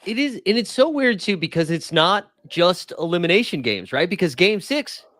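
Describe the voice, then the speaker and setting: A man co-hosting a podcast, chatting casually about basketball, animated and joking, often laughing. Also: high voice, moderate pace, dry recording. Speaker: podcast co-host. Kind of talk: casual sports chat.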